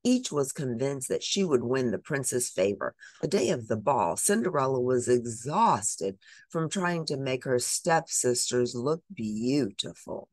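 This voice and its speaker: A woman reading a picture book aloud, expressive and animated. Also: a bass voice, a little slow, no echo. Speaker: storybook reader.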